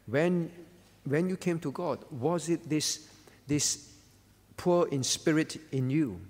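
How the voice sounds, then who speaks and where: A man's voice: a little high, slow, a little mellow, in a large hall. A man pastor preaching an earnest sermon, repeating words for emphasis.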